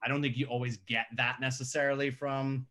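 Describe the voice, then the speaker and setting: A man's voice: mid-range voice, brisk. Talkative New man telling stories. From Staten Island, New York. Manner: conversational, animated when telling stories. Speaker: guest filmmaker. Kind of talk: podcast interview over a call.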